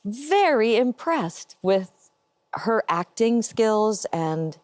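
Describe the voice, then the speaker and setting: A woman in her fifties, an actress guest giving measured, reflective answers. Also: fairly high pitch, sing-song, darkish tone, dry recording.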